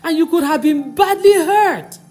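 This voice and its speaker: A woman's voice: extremely high pitch, lively intonation, measured pace, darkish tone, faint music behind, pitched above the performer's own voice. A woman voicing a worried mother who pleads and reproaches. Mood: reproachful.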